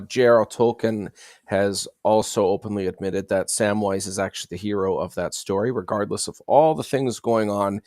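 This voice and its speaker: A middle-aged man with a lowish voice speaks in an interview, answering at length and circling back with fillers and restarts. The sound is dry and close, with little room around it. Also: a little mellow, no echo. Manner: rambling, many fillers and restarts. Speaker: interview guest.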